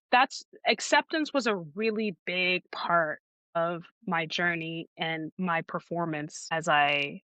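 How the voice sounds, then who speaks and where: A woman's voice: medium pitch, fairly bright tone, no echo. Thoughtful woman narrator, dry close sound. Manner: thoughtful, with frequent restarts. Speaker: audiobook narrator, guest. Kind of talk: casual podcast interview.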